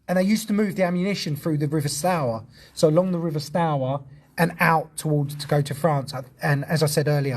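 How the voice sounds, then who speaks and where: A man's voice: a little high, breathy edge. A man chatting casually on a ghost-hunting livestream, talkative and jumpy, swearing when startled outdoors.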